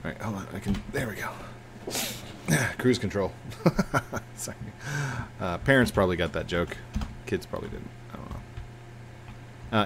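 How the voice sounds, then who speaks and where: A man hosting a playful Roblox let's play, goofy and excitable, chatting to viewers and jumping way up in pitch when things go wrong. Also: vocal fry, slight background noise. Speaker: gaming channel host.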